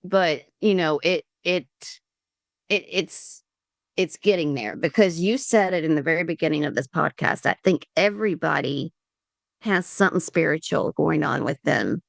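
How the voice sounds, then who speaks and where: A woman from Georgia telling her story as a podcast guest, earnest and halting with many restarts. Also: deep voice, creaky, dry recording, studio quality. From Columbus, Georgia, US. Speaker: podcast guest, liver transplant recipient. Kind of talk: candid conversational storytelling.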